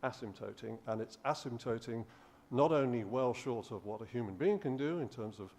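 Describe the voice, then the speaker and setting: A man's voice: mid-range voice, normal speed, darkish tone. A male professor giving a conference lecture, explaining steadily with frequent restarts. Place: conference hall.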